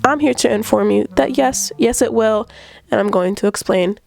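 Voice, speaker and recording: A woman hosting a casual video review, talking in a playful, gushing, dramatic way, her voice a little fried and rough as she recovers from an illness. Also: a little high, normal speed, darkish tone, soft background music. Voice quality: vocal fry. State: recovering from illness, slight vocal fry and cough. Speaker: video essayist.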